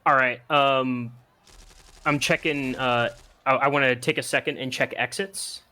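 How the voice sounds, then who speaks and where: A man plays in a tabletop game and feels his way hesitantly through his plans. His voice sits at an ordinary middle pitch. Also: fairly even intonation, unhurried, bright, forceful tone. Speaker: player. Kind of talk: casual tabletop play.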